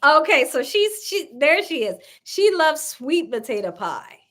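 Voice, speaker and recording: A woman's voice: high-pitched, very animated, measured pace, fairly bright tone. A woman hosting a casual cooking livestream, chatty and laughing often as she reads viewer comments aloud. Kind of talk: casual live chat reading viewer comments.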